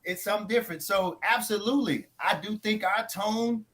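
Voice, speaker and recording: A man's voice: high-pitched, a little fast, a bit bright. A man talking about faith on a church talk show after a sermon, emphatic and preacherly, repeating his key lines. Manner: trains others in tone and inflection. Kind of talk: casual faith discussion.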